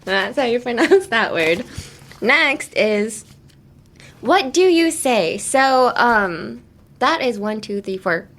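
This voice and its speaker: A woman's voice: a little high, lively intonation, slow pace, a bit bright. A young woman hosting a casual English pronunciation lesson, chatty and laughing often, full of fillers. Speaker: English teacher and podcast host.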